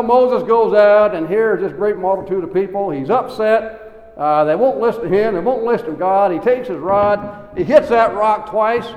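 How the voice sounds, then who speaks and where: A man's voice: fairly high pitch, a little mellow. A man preaching a sermon, folksy, acting out the people in his stories with quoted voices. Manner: acts out Bible figures in quoted voices, folksy asides. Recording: echoey hall with long reverb.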